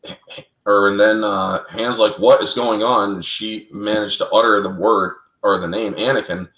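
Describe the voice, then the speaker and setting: Male co-host, lowish voice, animated fan-lore talker, roomy lo-fi sound. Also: moderate pace. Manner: animated, addresses listeners as folks, laughs at own slips. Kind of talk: casual lore discussion.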